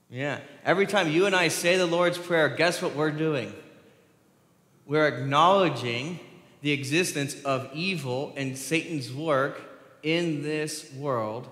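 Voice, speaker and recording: Echoey preaching man in a church hall. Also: a little high. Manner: animated, asks the congregation questions. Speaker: pastor. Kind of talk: sermon. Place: church sanctuary.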